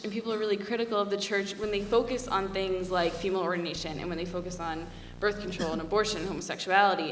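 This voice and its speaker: A woman's voice: medium pitch, distant mic, a little hiss or hum. Earnest young woman in an echoey hall. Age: young adult. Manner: earnest and passionate, chatty with frequent "like". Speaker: student panelist. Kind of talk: panel talk.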